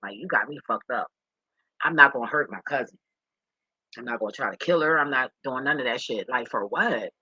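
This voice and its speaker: Candid vlogger, rambling and profane, husky tense voice, dry dull lo-fi sound. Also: mid-range voice, a little fast, bright, forceful tone, dry recording. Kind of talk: candid monologue to viewers.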